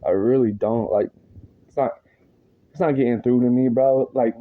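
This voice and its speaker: A man's voice: mid-range voice, fairly even intonation, normal speed. A man ranting agitatedly in a rambling, profane monologue full of slang, his words tumbling into restarts. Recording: dull lo-fi audio.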